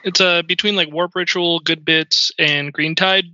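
A man's voice: fairly high pitch, fairly even intonation, unhurried, sharp tone, dry recording. A man as a podcast guest in casual chat, rambling with lots of ums and uhs. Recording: dull lo-fi audio.

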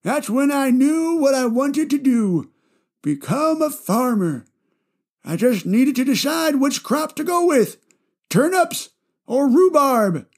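A man voicing a rambling old grandfather who dreams of farming, in a wavering, drawn-out old man's voice. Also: extremely high pitch, expressive, voice pushed up, heavily acted.

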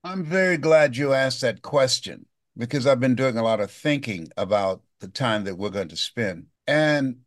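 A man's voice: mid-range voice, expressive, moderate pace, few pauses, no echo, clean studio sound. A man in his seventies, a motivational speaker telling a story in an interview, acting out the voices of the people in it. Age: 70s. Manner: dramatic storyteller, acts out quoted voices.

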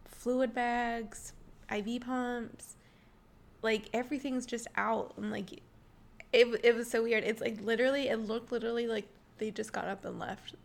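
Creaky-voiced woman telling a story. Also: on the high side, moderate pace. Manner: animated storyteller, laughs often, acts out gasps. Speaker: podcast co-host. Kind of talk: casual chat, storytelling.

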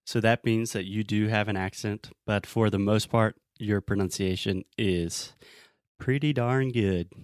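Male English teacher, mild Southern twang, lowish voice, dry close sound, explains by acting out examples. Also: fairly even intonation, unhurried, no echo. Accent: mild Southern American. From Southern United States. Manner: explanatory, acts out example lines. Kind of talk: podcast conversation lesson.

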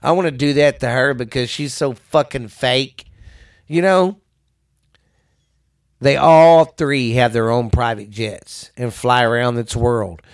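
A man's voice: medium pitch, takes it slowly. A man hosting a casual talk show, ranting bluntly with lots of swearing.

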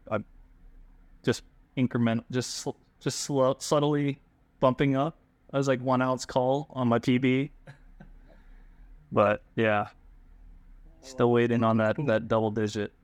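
A man from Hawaii, a pro bass angler, telling fishing stories as a guest in a casual, animated way with lots of fillers. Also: a little slow, long pauses, no echo. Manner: animated, full of fillers and restarts. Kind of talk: casual storytelling.

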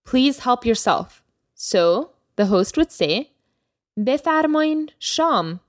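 A woman hosting a language lesson podcast as the teacher, speaking clearly and slowing down to model new words. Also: mid-range voice, lively intonation, no echo, studio quality. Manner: clear teacherly delivery, slows down for vocabulary. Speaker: Persian teacher, podcast host.

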